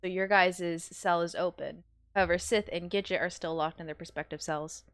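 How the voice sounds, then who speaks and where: Woman game master, relaxed chatty narration, dry close sound. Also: lowish voice, normal speed, dry recording. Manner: casual, laughing often.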